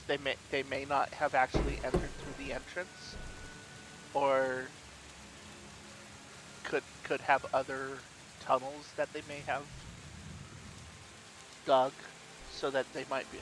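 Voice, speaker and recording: Slow, halting male player. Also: mid-range voice, fairly bright tone, a little hiss or hum, rough recording. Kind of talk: casual play talk.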